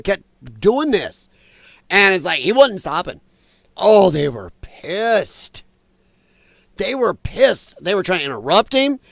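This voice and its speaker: A man with a notably high voice hosts a casual livestream, talking straight to his chat. He is animated and laughs often between riffs. The sound is close and dry, with no room around it. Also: gravelly, dry recording. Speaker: livestream host.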